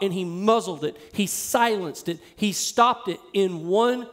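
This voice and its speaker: High-voiced pastor preaching emphatically. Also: male voice, measured pace, hardly any pauses, fairly bright tone. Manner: conversational, emphatic preaching that swells in intensity. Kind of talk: sermon. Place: church sanctuary with a live congregation.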